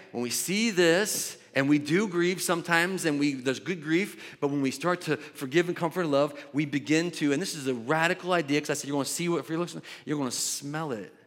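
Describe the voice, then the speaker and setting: A man's voice: a little high, a bit bright. A man preaching a sermon in a church, talking in a loose conversational way with restarts and asides. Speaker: pastor. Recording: long echo of a large hall.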